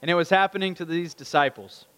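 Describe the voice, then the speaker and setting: A man's voice: on the high side, quick pace, fairly bright tone, clean tone, long reverb tail. A man preaching a conversational sermon, asking the listeners rhetorical questions and acting out the lines of the people in the story. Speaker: pastor.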